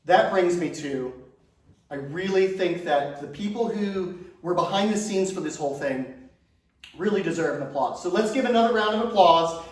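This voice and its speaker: A man's voice: high voice, expressive, normal speed. A man performing a stand-up comedy set, self-mocking and fishing for applause for himself. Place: comedy stage before a live audience. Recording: echoey room, far from mic.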